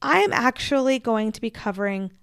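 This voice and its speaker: A woman's voice: on the high side, animated, fairly quick, creaky, clean tone, dry recording, clean studio sound. A woman co-hosting a podcast, telling a story in a casual, chatty way with frequent laughs. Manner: chatty, laughs often, self-deprecating asides. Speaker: podcast co-host.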